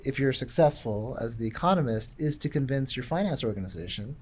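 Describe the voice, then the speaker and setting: A man speaking as a guest in a panel discussion about tech and economics, thoughtful and halting, with frequent restarts and fillers. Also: mid-range voice, lively intonation, darkish tone, slight background noise.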